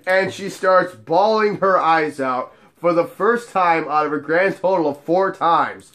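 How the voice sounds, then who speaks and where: Profane, animated storytelling man. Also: fairly high pitch, a little slow, few pauses. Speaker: nightclub bouncer and storyteller. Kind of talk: casual storytelling vlog.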